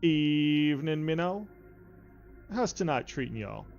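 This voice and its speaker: A man voicing a rifle-carrying woman adventurer with a folksy drawl, speaking with low-key menace, in a slightly dull recording with faint music behind. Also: lively intonation, moderate pace, natural voice. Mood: low-key threatening.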